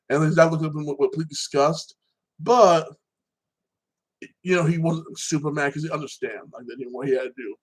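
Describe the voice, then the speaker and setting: A man's voice: fairly high pitch, steady tone, brisk, rough recording. Rambling man recapping TV shows. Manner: rambling, frequent restarts, keeps adding "like that". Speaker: podcast host. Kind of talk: casual TV show recap.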